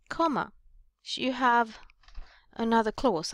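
Casting note: Swedish-accented woman teacher, fairly high voice, dry close sound, explanatory delivery. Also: expressive, unhurried, no echo. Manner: explanatory, reads example sentences aloud with emphasis. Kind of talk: recorded lesson on writing.

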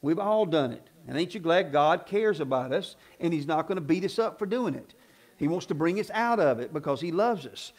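Pastor, male, high voice, folksy sermon delivery that swings into loud emphatic preaching. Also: expressive, moderate pace. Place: church sanctuary.

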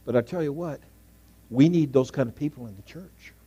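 Middle-aged male pastor preaching in church, anecdotal, shifts from loud to near-whisper. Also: mid-range voice, a little fast, slightly rough. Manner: storytelling, swings from loud emphasis to hushed asides. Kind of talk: sermon. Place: church sanctuary.

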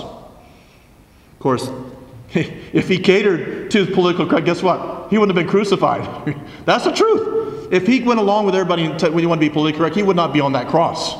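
A man preaching a forceful homily as a priest, full of rhetorical questions. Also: on the high side. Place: large church. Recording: echoey church from a distance.

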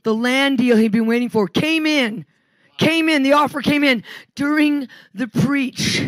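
Woman preacher, high voice, dry close sound, animated storytelling sermon. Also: a little slow, no room sound. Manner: animated storytelling, quoting others. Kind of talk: sermon with testimonies.

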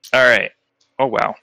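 A man hosting a live stream as game master, narrating a tabletop game in a relaxed, chatty way. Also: medium pitch, gravelly, no room sound, poor audio. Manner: relaxed, chatty, with fillers and restarts.

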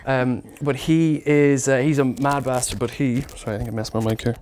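An Irish man chats as a musician guest, spinning animated stories peppered with swearing. He talks at a quick clip. His pitch sits in the middle. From Ireland. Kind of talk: casual chat.

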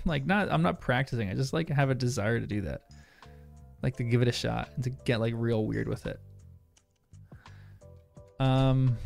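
Rambly streamer guy doing a crossword, gravelly fry in his voice, laughs a lot, faint music behind. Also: medium pitch, a little mellow. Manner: rambling, laughs often, talks to chat. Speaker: livestreamer. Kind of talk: casual chat while solving a crossword.

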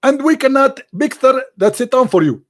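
A man's voice: very high-pitched, expressive, moderate pace, voice pushed up. A man putting on the voice of a pompous, overconfident preacher who declares every answer certain. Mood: declaiming.

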